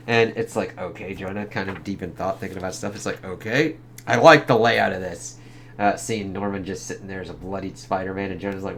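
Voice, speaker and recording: A man giving a casual comic book review and reading the panels aloud, with blunt, profane, animated reactions. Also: deep voice, brisk.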